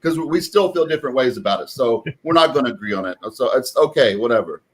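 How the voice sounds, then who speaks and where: A man's voice: mid-range voice, animated, fast talker. A man with a mid-range voice talks in a hesitant, conciliatory way, often restarting his sentences. He is part of a podcast panel and heard through a video-call mic. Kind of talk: casual talk.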